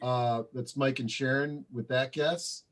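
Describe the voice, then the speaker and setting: On a video call, a male co-host runs the slideshow and quiz for an online party, reading out the answers. His mid-range voice is fairly bright and fairly even in intonation, and his unhurried delivery is friendly, hesitant and full of fillers.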